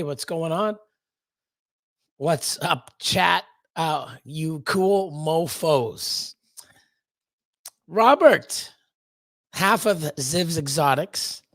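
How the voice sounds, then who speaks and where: A man's voice: fairly high pitch, fairly bright tone, no room sound. A man hosting a live stream, greeting chat viewers one by one in a rambling, loose way with lots of fillers. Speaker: livestream host.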